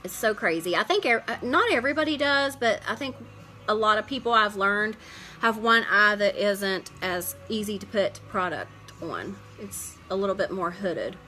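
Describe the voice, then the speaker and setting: A middle-aged woman hosting a live makeup tutorial, chatting warmly with viewers, greeting them by name and sharing heartfelt stories as she works. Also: mid-range voice, lively intonation, moderate pace, faint music behind, poor audio.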